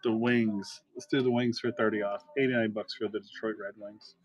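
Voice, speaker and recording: A man's voice: on the low side, flat delivery, brisk, hardly any pauses, no room sound. A middle-aged man hosting a live card-break stream, chatting casually and rambling through stories. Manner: rambling, chatty storyteller with fillers.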